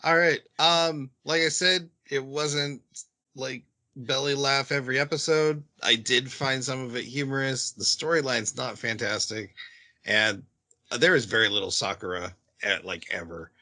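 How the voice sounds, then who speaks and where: A man's voice: mid-range voice, steady tone, unhurried, sharp tone. A man co-hosting a podcast, hesitant and full of fillers, giving blunt opinions. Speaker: podcast co-host. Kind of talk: casual chat.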